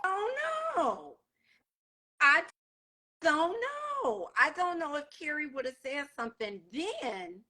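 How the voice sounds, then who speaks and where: A woman's voice: high-pitched, very animated, slow pace, bright, forceful tone. A middle-aged woman co-hosting a casual chat over a video call from her hotel room, talking with dramatic exclamations. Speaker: co-host.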